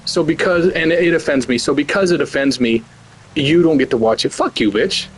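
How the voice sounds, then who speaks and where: A man's voice: a little high, normal speed, a little hiss or hum. Heated, profane man in his forties. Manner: heated, profane, blunt ranting. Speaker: gaming channel host. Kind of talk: ranting commentary over gameplay.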